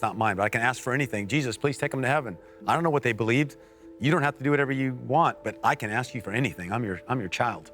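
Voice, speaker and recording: An American man telling a personal story on a faith talk show, earnest, with quiet and emotional stretches. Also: on the low side. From United States. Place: TV studio.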